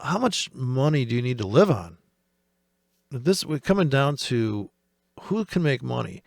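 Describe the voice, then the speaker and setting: A man rambles through market commentary as a channel host, swearing freely and turning sarcastic. His voice sits at a middle pitch with a gravelly fry. The sound is dry and close, with no room sound. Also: no echo. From United States.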